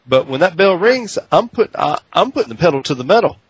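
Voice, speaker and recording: A man's voice: fairly high pitch, big pitch swings, brisk, slightly rough, no room sound, low-quality recording. A man from New Jersey co-hosting a wrestling radio show, brash and loose in casual banter. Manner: brash, trash-talking, loose. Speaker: co-host.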